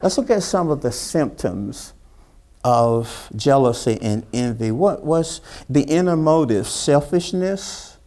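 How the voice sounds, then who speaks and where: A man preaching a sermon, retelling a story with dramatic voices for its characters and questioning his congregation directly. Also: slow pace. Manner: preaching with dramatic character voices, rising to high excited pitch. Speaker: pastor.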